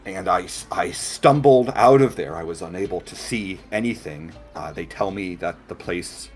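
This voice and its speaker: A blind, burn-scarred assistant speaks gently and politely, stumbling over his words, as a man puts him on. The voice sits very low, and faint music plays in the background. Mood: haunted. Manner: gentle, halting, stammering.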